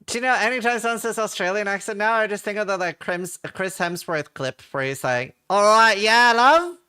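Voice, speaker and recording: Norwegian-born streamer guy rambling to chat, kinda high voice, sharp and bright, swears a bit. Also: fairly quick, smooth. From Norway. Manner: chatty, reads chat aloud, swears casually. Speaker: game streamer. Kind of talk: casual live-stream chat.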